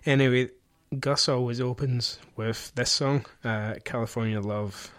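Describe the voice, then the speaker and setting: Guy radio host, rambly casual chat, lots of uhs, mid pitch. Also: steady tone, a little slow, a bit bright.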